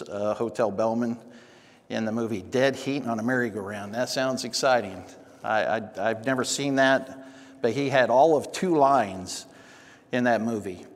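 A man teaching at church, telling stories in a folksy way with many fillers. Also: mid-range voice. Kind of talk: sermon. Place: church hall. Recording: long hall reverb.

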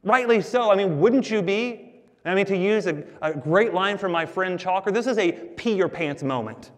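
A man preaching a sermon as the pastor, talking to the congregation in a conversational, animated way. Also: high-pitched, normal speed, big-room sound.

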